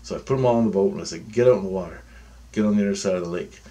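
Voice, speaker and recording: A man's voice: deep voice, very fast, warm tone. A man telling a long dream story in a casual, meandering, profane way.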